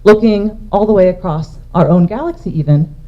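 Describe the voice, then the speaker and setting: A woman astronomer with a lowish voice gives a public science lecture at a normal speed, explaining each point step by step as she walks through her slides. The recording is dull and lo-fi.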